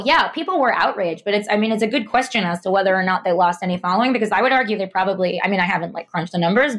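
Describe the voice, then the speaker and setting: A young adult woman, a reporter, explaining internet culture in an articulate, analytical way during a conversational interview. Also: lowish voice.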